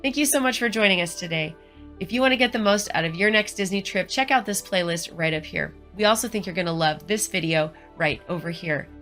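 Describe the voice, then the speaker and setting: Middle-aged woman, vlog host; earnest and encouraging, bright lowish voice, soft music under. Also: a little fast. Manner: earnest, encouraging, chatty with frequent "you know". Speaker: travel vlogger. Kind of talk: casual advice vlog.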